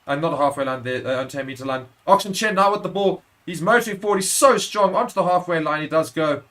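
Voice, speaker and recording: A man's voice: a little high, fast talker, a bit bright. A man giving live play-by-play commentary on a rugby match for a watchalong stream, correcting himself as he goes and rising sharply at big moments.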